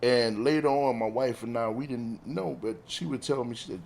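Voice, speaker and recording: A middle-aged man, a bereaved father telling family stories in an emotional, animated conversational way, often laughing and saying "man". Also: medium pitch, moderate pace, creaky, a little hiss or hum.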